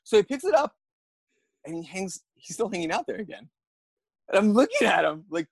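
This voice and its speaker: A young man, a podcast guest, telling a story in a lively way and acting out his own thoughts. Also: sits high, a little fast, creaky, long pauses, husky, no echo. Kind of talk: animated storytelling.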